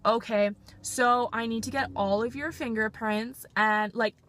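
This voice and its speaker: A woman quoting a fussy male border officer in a flat, bureaucratic way. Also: very high-pitched, measured pace, exaggerated voice. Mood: demanding.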